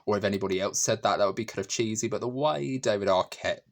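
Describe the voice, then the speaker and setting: Deep-voiced man gushing over a film. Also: fast. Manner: chatty and emotional, frequent fillers and restarts; laughs often while talking. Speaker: film reviewer. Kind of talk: casual movie review monologue.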